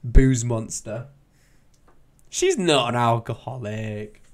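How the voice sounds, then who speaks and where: A man's voice: mid-range voice, lively intonation, slow. A young man with an English accent who hosts a casual live stream. He swears freely, teases and laughs a lot. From England. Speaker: motovlogger hosting a live stream.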